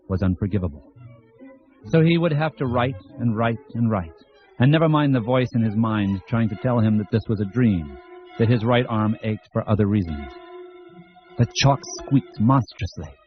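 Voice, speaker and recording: A man reading an audiobook in a measured storytelling style. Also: lowish voice. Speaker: audiobook narrator. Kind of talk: scripted narration. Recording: dull lo-fi audio.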